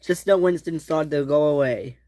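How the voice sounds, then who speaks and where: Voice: medium pitch, moderate pace, mellow. The maker of a home-made toy train series narrating the story loosely, with restarts.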